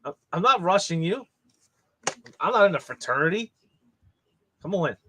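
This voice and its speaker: A man reading out the blind tasting results in a casual chat, brisk and teasing. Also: sits high, expressive, sharp tone, slight background noise. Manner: brisk, teasing, matter-of-fact.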